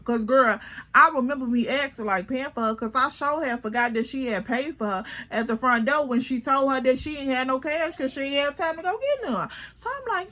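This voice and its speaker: A young woman with a high, ringing voice tells a storytime straight to her viewers. She talks casually and jumps into her friends' voices as she acts out each line. Her tone stays bright and lively the whole way through. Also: normal speed. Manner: animated, acts out friends' lines in a raised voice. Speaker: storytime vlogger.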